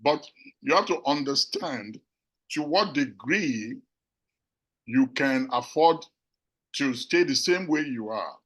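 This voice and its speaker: An older man who came to the country as an immigrant speaks on a panel in an earnest, measured way. His voice sits at a middle pitch, and he thinks out loud as he answers. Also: expressive, breathy edge, poor audio. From abroad, immigrant to the United States. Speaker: professor and physician on a panel.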